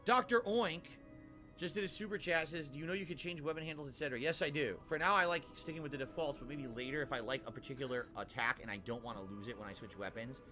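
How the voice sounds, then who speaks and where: A man's voice: fairly high pitch, quick pace. A man streaming a game, chatting upbeat and reading out viewer messages. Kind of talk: live gameplay stream chat. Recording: music loud in background.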